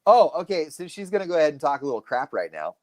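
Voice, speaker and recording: Man in his forties, live-stream co-host, lively swooping delivery. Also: fast, dry recording. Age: 40s. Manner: animated storytelling, lively pitch. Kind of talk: casual live-stream chat.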